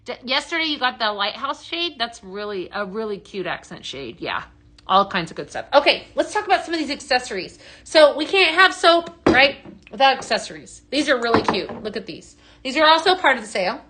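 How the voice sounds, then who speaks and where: A woman's voice: a little high, fairly bright tone. A woman hosting a live product sale, talking in a rambling, upbeat way and answering viewers by name. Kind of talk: chatty live-stream selling.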